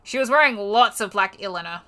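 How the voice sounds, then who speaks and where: A woman's voice: medium pitch, expressive, fairly quick, a bit bright. A young woman on a livestream reading a fanfiction aloud for laughs, stumbling over words and breaking off into exasperated, cursing asides. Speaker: streamer.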